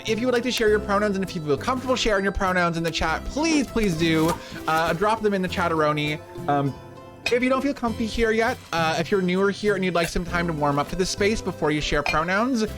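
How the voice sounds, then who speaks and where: A man live-streaming a game, chatting casually and rambling as he thanks viewers. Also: high-pitched. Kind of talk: casual live-stream chat while playing.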